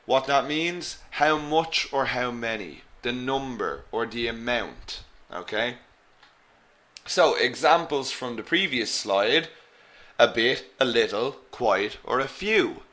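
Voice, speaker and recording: A man's voice: mid-range voice, lively intonation, takes it slowly, bright, forceful tone. A man teaching an English webinar, stressing each example phrase and calling his learners "guys". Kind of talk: live webinar lesson.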